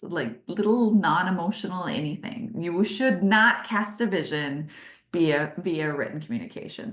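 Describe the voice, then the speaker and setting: Emphatic forty-something woman, lower-pitched, webinar teacher on a video call, echoey room. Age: 40s. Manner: animated and emphatic, talks with her hands. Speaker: leadership consultant hosting a webinar.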